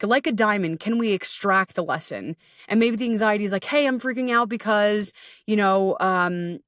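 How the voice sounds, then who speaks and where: Woman podcast host, solo chat, candid and sweary, mid-pitched voice, dry close sound. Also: no room sound. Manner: chatty and candid, swears freely, acts out inner voices. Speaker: podcast host and anxiety coach. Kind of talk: casual solo podcast monologue.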